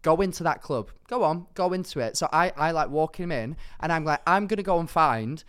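Co-hosting a podcast, a young man from England speaks a little fast in a smooth, slightly high voice. He tells an animated anecdote in casual conversation, performing the quoted lines.

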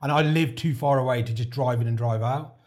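A man with a medium-pitched, brisk, slightly mellow voice is a podcast guest and heart transplant recipient. In a casual interview, he tells his story chattily, reliving events by acting out what others said to him.

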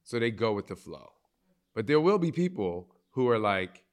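A man's voice: on the low side, animated, normal speed. A man with a New Jersey accent hosting a live podcast, talking bluntly and animatedly and swearing freely. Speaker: podcast host. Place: live recording at a retreat.

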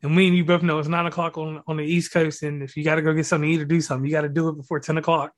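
Male podcast host, fairly high pitch, rambling slangy praise. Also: little pitch movement, rapid-fire. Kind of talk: casual interview talk.

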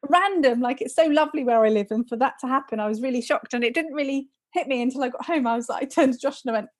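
A woman's voice: high-pitched, quick pace. A woman co-hosting a casual chat podcast, telling stories with lots of animation and laughter. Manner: animated storytelling, laughs often. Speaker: podcast co-host.

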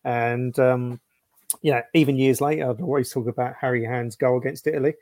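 A Scottish man tells football stories in a relaxed, easygoing manner as a podcast guest. The recording is dry and close, with no room sound. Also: mid-range voice, brisk, no echo. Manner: relaxed anecdotal storytelling. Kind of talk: casual podcast chat.

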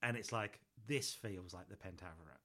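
Bright-voiced chatty man. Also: deep voice, moderate pace. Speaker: podcast co-host. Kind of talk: casual chat.

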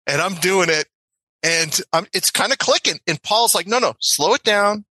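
A man from the United States, a guest telling a story in an animated way, acting out voices and laughing as he goes. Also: sits high, normal speed, slightly rough, no echo, poor audio. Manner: excitable, acts out voices, laughs mid-story.

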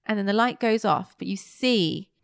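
A woman's voice: mid-range voice, normal speed, vocal fry, no echo, studio quality. A young woman co-hosting a casual podcast, chatting and retelling scenes with little quoted voices. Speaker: podcast co-host. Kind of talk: casual chat reviewing a kids' show.

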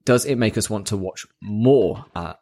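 A man with a fairly low voice, chatting on a podcast in a relaxed, enthusiastic way as he recaps scenes. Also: moderate pace. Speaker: podcast co-host. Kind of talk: casual chat.

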